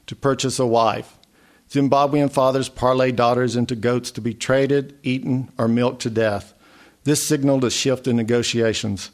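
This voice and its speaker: A man reading a literary memoir story aloud in a measured way. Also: mid-range voice. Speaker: narrator.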